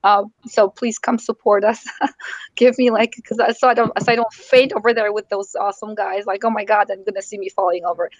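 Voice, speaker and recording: A hoarse woman co-hosting a casual livestream chat, talking in an excitable, giggly way. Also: mid-range voice, a little fast, no room sound, low-quality recording. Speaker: co-host.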